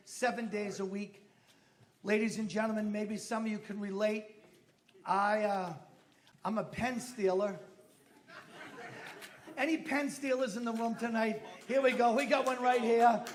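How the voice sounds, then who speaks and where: A man's voice: high-pitched, a little hiss or hum. A middle-aged man doing a stand-up routine, telling punchy stories with sudden exclamations and swearing. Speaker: stand-up comedian. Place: comedy club stage.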